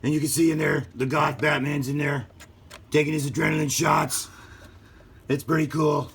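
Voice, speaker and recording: A man putting on a comic impression of Batman, a gruff boastful male vigilante, with a gravelly, loud and strained voice in a hobby video. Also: fairly high pitch, little pitch movement, normal speed, full character voice. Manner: over-the-top growl while showing off a toy car.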